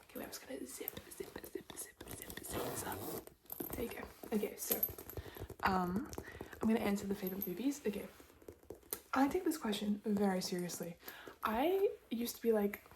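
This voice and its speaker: A young Australian woman in her twenties, rambling through a whispered ASMR Q&A between soft spoken and whispered words, with lots of "like" fillers. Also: medium pitch, a little hiss or hum. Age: 20s. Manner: rambling, chatty, many "like" fillers. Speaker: ASMR creator. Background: tapping clicks.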